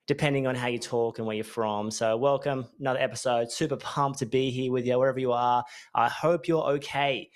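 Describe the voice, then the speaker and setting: A man's voice: medium pitch, steady tone, moderate pace. Upbeat Australian man rambling on a podcast. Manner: chatty, rambling, upbeat, self-correcting. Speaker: business coach and podcast host. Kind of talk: casual solo podcast talk.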